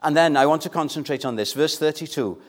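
A man preaching a sermon in a church, earnest and measured, pressing his points with questions to the congregation. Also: on the high side.

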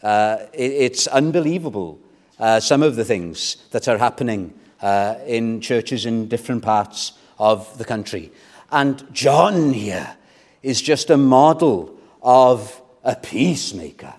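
A man preaching an evening sermon as pastor, measured in delivery and building to fervent exhortation. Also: medium pitch, animated, a little mellow.

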